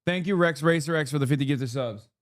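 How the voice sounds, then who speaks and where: Blunt, profane male streamer, higher voice. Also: quick pace. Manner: blunt, profane, opinionated, with fillers like "like" and "okay?". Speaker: streamer host. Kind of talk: casual political commentary.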